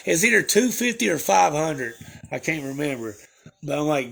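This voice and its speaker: A man's voice: on the high side, normal speed, gravelly, fairly bright tone, husky. A young man chatting casually to his viewers, telling a rambling story with crude slang and lots of fillers. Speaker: livestreamer.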